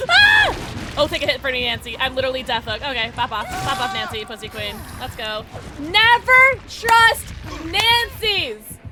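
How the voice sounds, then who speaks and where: A woman streaming a game live, chatting with her viewers in a bubbly, excitable way, sometimes mumbling, sometimes shouting. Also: fairly high pitch, quick pace, loud music behind the voice. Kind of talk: live gaming stream chat.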